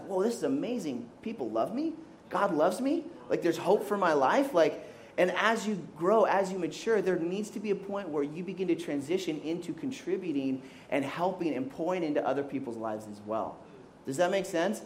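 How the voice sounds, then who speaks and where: A young man who grew up in Kenya, a youth pastor giving a sermon with animated, joking storytelling. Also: high-pitched, slight background noise. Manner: animated storytelling, jokey asides.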